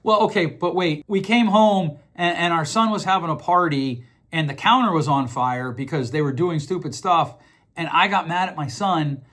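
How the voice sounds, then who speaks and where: A man's voice: fairly high pitch, a bit bright. A man giving advice on conflict in an earnest, direct way, often acting out short bits of dialogue. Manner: earnest, acts out short dialogues with quick shifts in voice. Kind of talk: direct-to-camera advice talk.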